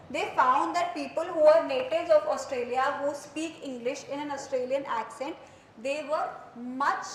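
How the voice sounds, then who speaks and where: A woman with an Indian accent and a high-pitched voice teaches a psychology class, slipping in Hindi phrases and checking in with students as she goes. Her voice bounces around a roomy classroom, with a faint hum of room noise behind it. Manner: conversational, mixes in Hindi phrases, quizzes students with questions. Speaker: psychology lecturer. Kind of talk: classroom lecture.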